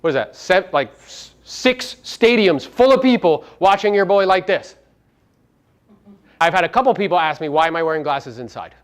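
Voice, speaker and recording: A man's voice: high voice, animated, normal speed. A man giving a live motivational seminar talk to real estate agents, brash and profane, firing rhetorical questions at the audience.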